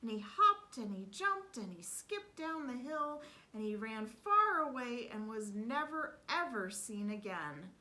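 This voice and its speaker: A woman reading a children's picture book aloud in an expressive, animated way. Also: fairly high pitch, measured pace, hardly any pauses, rough recording. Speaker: storyteller. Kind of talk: children's story read-aloud.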